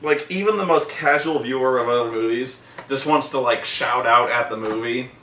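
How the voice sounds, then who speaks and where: A man chatting casually about a movie, rambling and swearing, bursting into loud acted-out quotes. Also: mid-range voice, moderate pace. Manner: rambling, profane, acts out quotes in loud voices. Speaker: vlog host reviewing a movie. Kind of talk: casual chat. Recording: roomy echo, from a distance, faint noise.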